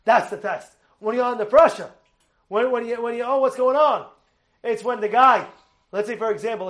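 A man giving an animated sermon as a rabbi, acting out shouts and quotes with many restarts. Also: high voice. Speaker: rabbi giving a weekly Torah talk.

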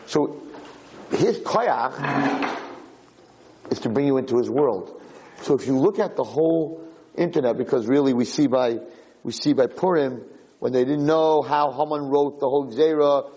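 A man giving a Torah lecture, telling stories with lively acted-out dialogue and often repeating and restarting his phrases. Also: mid-range voice, a little slow, poor audio. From United States. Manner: animated storytelling with acted-out dialogue.

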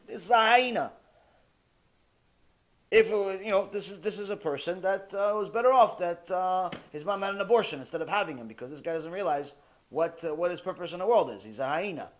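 A man delivering a religious ethics lecture, telling stories in an animated way and mixing in Hebrew terms. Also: sits high, a little fast. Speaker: Torah lecturer.

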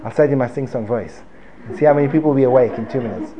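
This man teaches a live room an informal Torah class, speaking rapid-fire in a mid-range voice amid crowd noise. He's jokey and digressive, repeating himself a lot, and the lo-fi recording is dull with faint room noise.

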